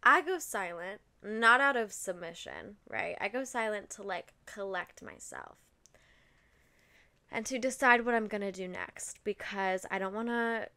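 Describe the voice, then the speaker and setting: Podcast host, young woman, bright forceful voice, frank confessional storyteller who swears. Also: mid-range voice, a little slow. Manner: candid and expressive, swears freely, many likes.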